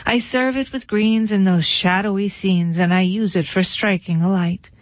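A woman reading a meek tearful baker, gentle plaintive telling, dull dry recording. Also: mid-range voice, steady tone, normal speed, no echo, lightly acted. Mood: woeful. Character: mild, tearful male ship's baker.

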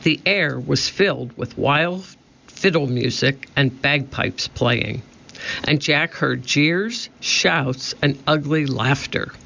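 A man narrating a children's storybook with slow, measured reading. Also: fairly high pitch, vocal fry, bright, forceful tone. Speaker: audiobook narrator. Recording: dull lo-fi recording.

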